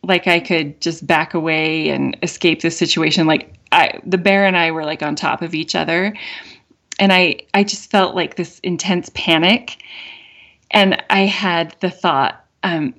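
A middle-aged woman hosting a podcast, telling a dream story in a soft, reflective way, with many "like" fillers and light laughs. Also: fairly low pitch, fairly even intonation, unhurried. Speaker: podcast host. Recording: dull lo-fi audio with faint guitar.

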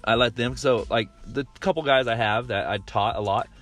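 A man's voice: mid-range voice, moderate pace, fairly bright tone. A man in his thirties hosting a casual monologue, rambling with lots of fillers and restarts, blunt and swearing freely. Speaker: podcast host.

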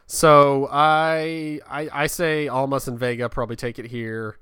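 A man co-hosting a casual chat, talking in a relaxed way and often repeating words as he starts a sentence. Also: medium pitch, a little slow, clean tone, no echo, clean studio sound. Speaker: podcast co-host.

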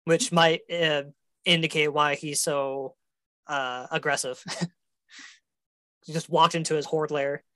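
Woman game master, low-pitched, easygoing narration with fillers. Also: slow, pauses often, no echo. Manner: relaxed, hesitant with fillers.

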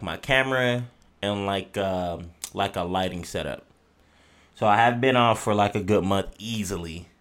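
A laid-back man co-hosting a podcast with a fairly low voice. He talks straight to the audience in casual chat, calling them "y'all". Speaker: podcast co-host and streamer.

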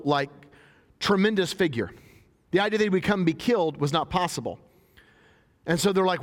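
Man preaching in a reverberant hall. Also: sits high. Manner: casual, joking preaching with paraphrased voices. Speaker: pastor. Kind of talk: sermon.

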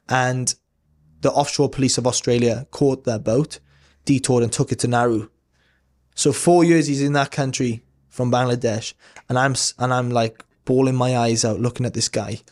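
Earnest, rambling man in his thirties. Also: medium pitch. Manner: earnest, rambling, with frequent restarts and mild swearing. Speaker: podcast guest telling a personal story. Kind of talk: casual storytelling.

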